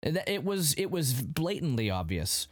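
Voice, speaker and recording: A man's voice: a little high, moderate pace, no echo, clean studio sound. Casual man recapping an episode. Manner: animated retelling, paraphrasing characters' lines. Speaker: podcast host recapping a TV episode. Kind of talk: casual chat.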